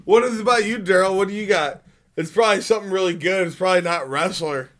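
A man's voice: sits high, quick pace, fairly bright tone. A man co-hosting a podcast, teasing and laughing in casual banter. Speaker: podcast co-host. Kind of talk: casual chat.

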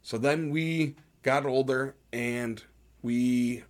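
A man's voice: mid-range voice, drawn-out words. A young man co-hosting a podcast, chatting casually, swearing often and cutting himself off. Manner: swears a lot, interrupts himself. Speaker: podcast co-host.

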